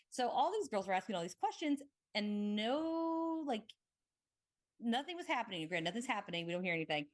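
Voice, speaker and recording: Excitable rambling woman podcast host. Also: mid-range voice, fairly quick. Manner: rambling, excitable, swears casually. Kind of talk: casual conversational storytelling.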